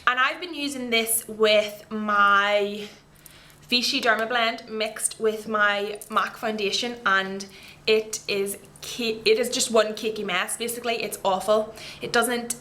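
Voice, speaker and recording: Bright, chatty woman beauty vlogger. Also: medium pitch. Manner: chatty and enthusiastic, rambling asides. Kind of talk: casual product review.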